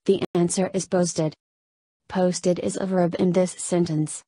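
A woman teacher narrating a scripted lesson, reading slowly and carefully and addressing her students. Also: fairly low pitch, little pitch movement, dark tone, slightly rough, no echo.

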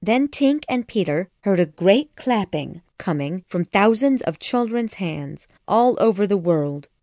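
A woman narrating a children's classic audiobook in a measured, expressive storytelling manner. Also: mid-range voice, no room sound, studio quality.

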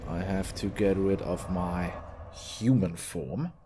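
A man from Austria commentating his own gameplay as a gaming YouTuber, swearing, yelling at enemies and laughing at his own mistakes. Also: low-pitched, takes it slowly, noisy background. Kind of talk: let's play commentary.

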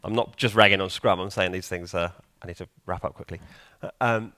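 A man's voice: low-pitched, fairly even intonation, brisk, bright, forceful tone, dry recording, studio quality. A man giving a conference talk in a conversational way, often putting questions to the audience. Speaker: conference speaker. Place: conference hall.

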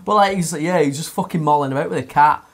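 A man's voice: on the high side, quick pace. A young man telling a long story in casual podcast chat, swearing often, laughing and using lots of fillers.

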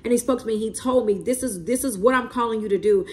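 A self-described prophet, a woman with a fast, somewhat high, slightly mellow voice, preaches prophecy spontaneously and emphatically. She repeats herself and keeps checking in with "okay?" and "right?".

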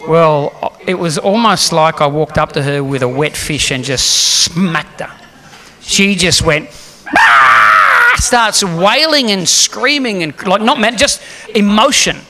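A male preacher delivers a story-driven sermon with a high, bright, forceful voice. He is animated and acts out each quoted line as he tells it. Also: unhurried. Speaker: guest preacher.

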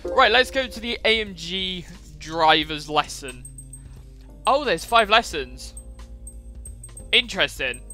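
A man's voice: high voice, expressive, slow, pauses often. A man commenting on his racing game playthrough, chatty with dry, sarcastic asides. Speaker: gaming channel host. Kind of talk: gameplay commentary. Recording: loud music and car engine sounds behind. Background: game music and racing car sounds.

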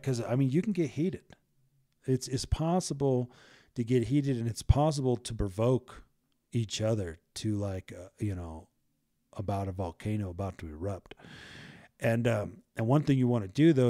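Emphatic man with a mellow voice. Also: medium pitch, no echo, clean studio sound. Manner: emphatic, repetitive, uses slang fillers. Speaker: podcast co-host. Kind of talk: casual advice chat.

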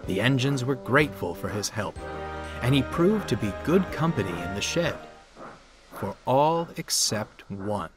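A man narrating a storybook in a measured, expressive reading. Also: mid-range voice. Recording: narration over clear music.

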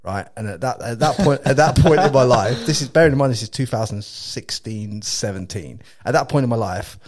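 A man from England with an English accent, hosting a casual chat and telling an animated, laugh-filled story with lots of swearing and restarts. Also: mid-range voice, fairly quick, a crowd in the background. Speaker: podcast host.

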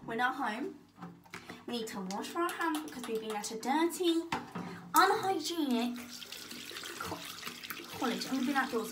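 A teenage girl, chatting casually in a home vlog. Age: teens. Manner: chatty, with a high sing-song voice for her pets. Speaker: vlogger. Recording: noisy handheld home recording.

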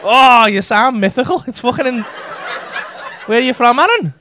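A man's voice: very high-pitched, expressive, normal speed, pushed and bright, slight background noise. A man doing crude, teasing crowd work as a stand-up comedian on a comedy club stage. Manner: brash, crude, teasing banter with constant swearing.

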